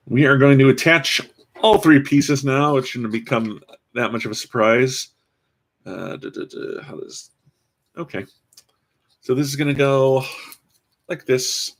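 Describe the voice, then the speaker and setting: A man's voice: medium pitch, unhurried, long pauses. A man casually commenting as he builds a toy kit, rambling with dry, self-mocking asides. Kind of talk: casual live-stream commentary.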